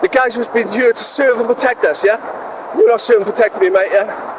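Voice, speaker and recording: A man's voice: very high voice, fairly quick. Insistent man arguing at a roadside. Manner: insistent, repetitive, confrontational. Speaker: driver stopped by police. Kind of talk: recording a roadside confrontation. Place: roadside by a highway, outdoors. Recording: loud roadside traffic noise.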